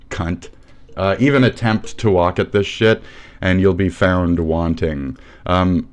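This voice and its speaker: A man's voice: low voice, a little mellow. A young man with a Midwestern American accent, a streamer ranting sarcastically and swearing nonstop as he mocks commenters. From Midwest USA. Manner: abrasive, sarcastic, mocking, swears constantly. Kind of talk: profane ranting livestream commentary.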